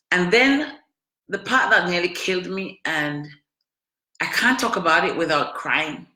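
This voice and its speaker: A woman's voice: lowish voice, bright, forceful tone. Emphatic, chatty woman in an echoey room. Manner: emphatic, repetitive, chatty storytelling. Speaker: vlogger telling her own story. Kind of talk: emotional personal testimony to camera.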